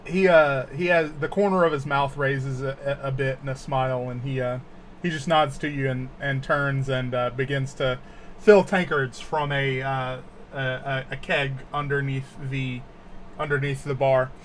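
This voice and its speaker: A man's voice: medium pitch, fairly even intonation, a little hiss or hum. Hesitant man narrating as game master. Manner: halting, full of fillers and restarts.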